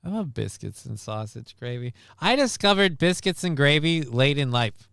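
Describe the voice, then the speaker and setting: A man's voice: fairly high pitch, lively intonation, normal speed, creaky, a bit bright, smooth, no room sound, studio quality. A man hosting a live stream, riffing sarcastically and rambling through news stories in casual commentary.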